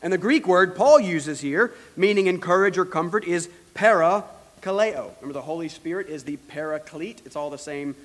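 A man preaching from the pulpit in an earnest, teaching manner, his voice sitting a little higher than most men's. He slows right down to press key points, then lets phrases fall away softly. The sound carries a long reverb, as in a large hall. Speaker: pastor. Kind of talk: sermon.

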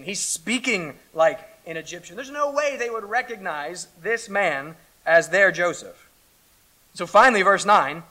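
Guy preaching, bright kinda high voice, goes loud then real quiet. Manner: dramatic swings from loud to hushed; reads scripture then comments conversationally. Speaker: pastor. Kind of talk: sermon.

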